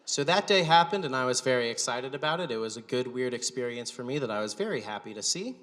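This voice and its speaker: A man's voice: mid-range voice, quick pace. Wry male comic in an echoey hall. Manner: deadpan, wry storytelling. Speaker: stand-up comedian and show host. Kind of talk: live stand-up storytelling. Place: gallery venue with live audience. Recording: echoey gallery hall, long reverb.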